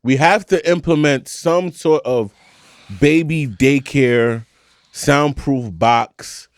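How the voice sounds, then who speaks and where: A man co-hosting a podcast, chatting casually in an animated, profane rant with frequent laughter. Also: mid-range voice, slow pace, no echo, clean studio sound. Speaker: podcast co-host. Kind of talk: casual chat.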